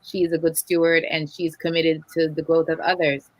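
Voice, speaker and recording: A woman's voice: low voice, flat delivery, normal speed, rough recording. A woman hosting an interview show, affirming and encouraging her guest. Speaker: show host.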